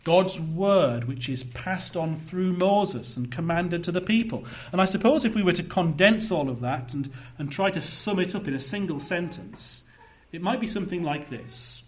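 A pastor preaching a sermon, measured and emphatic, slowing down to stress key phrases. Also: male voice, high voice, lively intonation.

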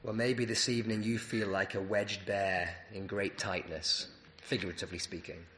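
A man delivers an evening sermon from a church pulpit, earnest and emphatic. His voice is bright and carries clearly. The church room rings with echo, and a faint hiss runs underneath. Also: lowish voice, level tone, moderate pace. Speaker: preacher.

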